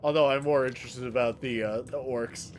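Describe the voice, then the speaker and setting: A man's voice: mid-range voice, fairly even intonation, brisk, a little hiss or hum. A man streaming a video game, chatting casually and jokingly with his viewers in a rambling way. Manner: rambling, joking, reacting to chat.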